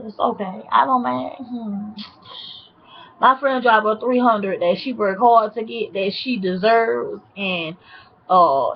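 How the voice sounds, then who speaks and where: A woman telling a casual story in a sassy, animated way, with drawn-out asides. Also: medium pitch, vocal fry, dull audio. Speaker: vlogger.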